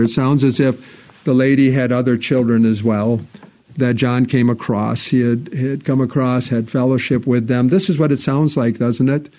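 A man preaching a sermon in a church, earnest, his voice swelling on key phrases and dropping low and slow for solemn parts. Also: steady tone, mellow. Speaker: pastor.

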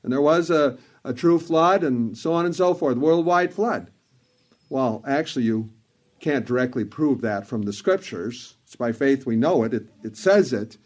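A man's voice: medium pitch, lively intonation, normal speed, darkish tone. A man preaching a sermon in an earnest, emphatic way, repeating phrases for stress.

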